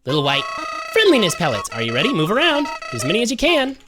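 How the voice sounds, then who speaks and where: A man's voice: sits high, wildly swooping pitch, fast, pitched above the performer's own voice. Sinister flower, falsely sweet, singsong drawl, wide swoops, voiced by a man streamer. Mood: sugary. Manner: singsong folksy drawl turning to growling menace. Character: cheery-then-sinister male flower, sickly sweet. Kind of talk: let's play character voice. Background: game music.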